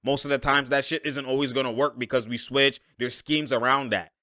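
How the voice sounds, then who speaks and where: A man giving a casual, slangy breakdown of basketball game film, animated and laughing often as he mimics the players' reactions. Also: mid-range voice, a little fast, dry recording, clean studio sound. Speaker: basketball analyst and channel host.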